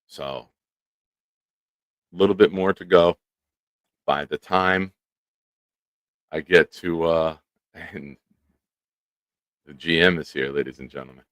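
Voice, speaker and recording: Deep-voiced male host of a live stream, lively and chatty, dry studio mic. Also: slow pace, pauses often, dry recording. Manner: animated, talks to chat by name. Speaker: show host. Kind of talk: casual live-stream chat. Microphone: studio microphone.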